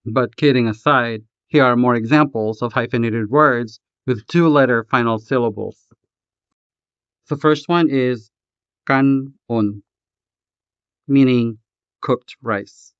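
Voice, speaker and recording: Slow, clear-voiced tutor man. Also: medium pitch, dry recording. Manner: slow, careful, repeats words for pronunciation. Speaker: language tutor. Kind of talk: scripted lesson narration. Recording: dull, dry, lo-fi voice-over.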